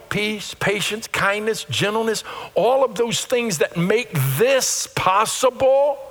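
A pastor delivers his sermon in a slightly higher voice, acting out what different churchgoers might say with real animation. His words ring out through a church sanctuary, trailing a long reverb behind them. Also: a bit bright.

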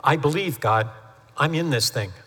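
A pastor preaching in a church sanctuary, his fairly high voice bright and forward. He tells stories in a chatty way and acts out the people he quotes. The sound carries a long hall reverb. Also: normal speed. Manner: chatty storytelling with lively acted-out quotes. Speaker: family pastor. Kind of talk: sermon.

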